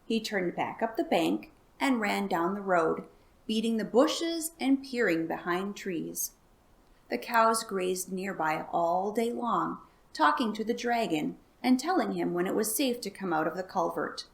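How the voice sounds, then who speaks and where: A woman reading a children's chapter book aloud in a calm, even way. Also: medium pitch, a little slow, gravelly. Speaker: storyteller.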